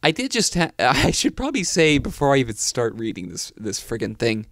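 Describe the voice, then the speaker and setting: Tired, sarcastic young man with lively pitch. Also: fairly quick, creaky, no room sound, clean studio sound. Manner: sarcastic, mock-serious asides. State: tired, mouth healing from a tooth pulled. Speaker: YouTuber reading stories aloud. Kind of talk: comedic reading with commentary.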